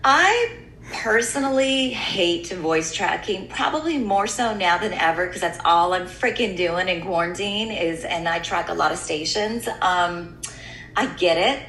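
A woman's voice: lowish voice, a little slow, fairly bright tone, reverberant, a little hiss or hum, poor audio. A middle-aged woman with an American accent, a radio host chatting candidly and casually, dropping in "you know" often. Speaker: radio host and voiceover artist. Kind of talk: casual chat.

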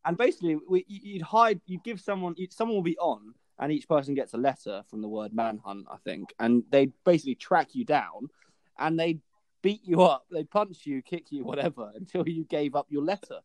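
A man's voice: fairly high pitch, fairly quick, a little mellow, no room sound. A man, reminiscing in a chatty, hesitant way on a casual podcast. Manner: chatty, hesitant with fillers and restarts. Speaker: podcast co-host. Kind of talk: casual chat.

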